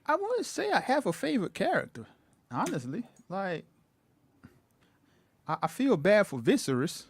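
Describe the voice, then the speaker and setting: A man's voice: high-pitched, huge pitch swings, moderate pace, husky, no room sound. A man joining a casual chat as a guest, talking hesitantly with frequent restarts.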